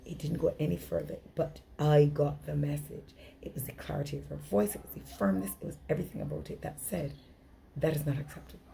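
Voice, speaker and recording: A woman's voice: low-pitched, steady tone, fairly quick, vocal fry, mellow, slight background noise. A middle-aged woman giving an earnest, emphatic relationship workshop talk, often acting out dialogue. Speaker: relationship coach.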